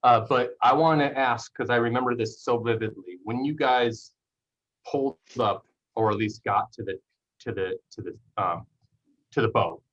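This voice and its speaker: A male podcast host asking long, rambling questions in a chatty way. The recording sounds dull and lo-fi. His voice sits at a middle pitch. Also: normal speed, fairly bright tone. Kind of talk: casual interview chat.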